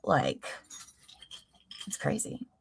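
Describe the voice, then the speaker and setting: A woman from Ohio hosting a casual true crime livestream, chatting and reading viewer comments aloud. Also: drawn-out words. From Ohio, USA. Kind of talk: casual chat.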